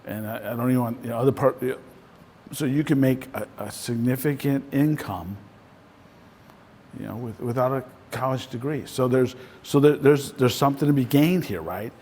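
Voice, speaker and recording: A man's voice: medium pitch, normal speed, dark tone, a little hiss or hum. A man in the role of a real estate coach, giving a casual, conversational talk to a small group and often ending points with "right?". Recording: voice in a reverberant room.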